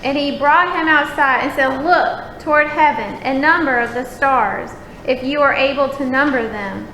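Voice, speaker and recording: A woman slowly reading scripture aloud in a church. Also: high voice, pushed and bright, slight background noise. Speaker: scripture reader. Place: church chapel. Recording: echoey church hall from far off.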